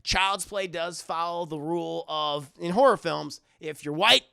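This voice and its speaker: A man streaming a casual, rambling film recap to his chat, animated and swearing a lot, close to the mic. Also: a little high, a little slow, creaky, clear, resonant tone, dry recording.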